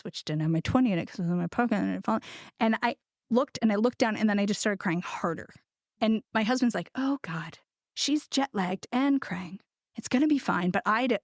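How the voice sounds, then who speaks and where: A woman's voice: medium pitch, dry recording, clean studio sound. A middle-aged woman from the United States, a ceramicist guest, telling a story in a casual interview with laughs and acted-out quotes. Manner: animated, laughing, acts out quoted voices.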